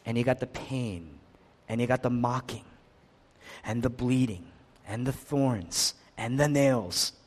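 A man preaching a sermon, swinging between hushed low passages and impassioned, louder cries. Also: in a large hall. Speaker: pastor.

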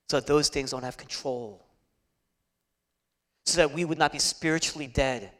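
A man preaching a sermon, swinging between hushed, whispered passages and loud, emphatic peaks. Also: medium pitch, normal speed, long pauses.

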